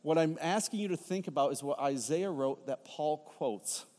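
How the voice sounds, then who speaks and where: A man's voice: fairly high pitch, normal speed, a little mellow. A middle-aged man preaching a sermon, telling a story with playful asides to his congregation. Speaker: pastor. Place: church sanctuary. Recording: long hall reverb.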